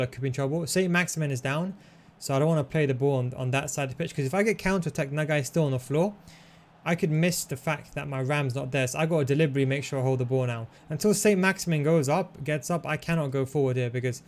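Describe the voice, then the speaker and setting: A man hosting a gaming tutorial, talking through his moves in a relaxed, coaching way as he plays. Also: medium pitch. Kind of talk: commentary over gameplay.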